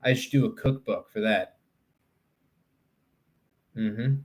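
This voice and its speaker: Slow, rambling male livestreamer. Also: lowish voice. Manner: rambling, crude and joking, talks to chat. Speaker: live streamer. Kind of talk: casual livestream chat.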